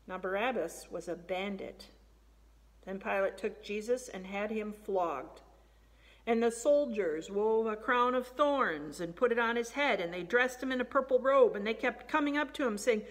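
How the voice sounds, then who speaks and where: A woman's voice: on the high side, moderate pace. Woman reading scripture in a reverberant hall. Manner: raises voice for quoted lines. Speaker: scripture reader. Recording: long reverb of a large hall.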